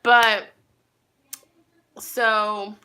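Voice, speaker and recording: A woman's voice: medium pitch, level tone, drawn-out words, pushed and bright, smooth. A young woman chatting to her viewers in a rambling, casual storytime, talking straight to them as she goes. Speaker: tarot reader and vlogger.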